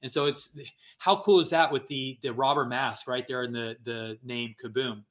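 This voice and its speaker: A man's voice: mid-range voice, fairly even intonation, moderate pace, a bit bright. A man hosting a casual livestream podcast, chatting in a rambling, upbeat way and reading from the chat. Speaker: podcast host.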